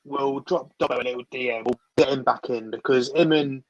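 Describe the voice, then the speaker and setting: A man's voice: mid-range voice, fairly quick, muffled recording, a loud crowd. A young man co-hosting a casual chat, with laid-back banter and the odd swear word. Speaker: co-host.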